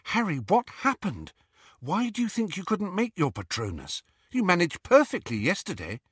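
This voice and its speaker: A man voicing a brisk, clever, bossy young woman who talks in a quick, insistent way. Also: high-pitched, huge pitch swings, slightly rough, no room sound, clean studio sound, pitched above the performer's own voice, full character voice. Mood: urgent.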